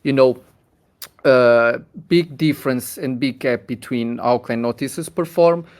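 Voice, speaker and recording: Community manager, mid-pitched man, halting and wordy, voice chat mic. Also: a little mellow, smooth. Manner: hesitant, many restarts while explaining at length. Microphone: computer mic over online voice chat.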